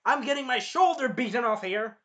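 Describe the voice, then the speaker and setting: A man's voice: high-pitched, lively intonation, brisk, bright, forceful tone, pitched above the performer's own voice. A man voicing a stubborn, protective young male hero who is hurt and exclaiming urgently.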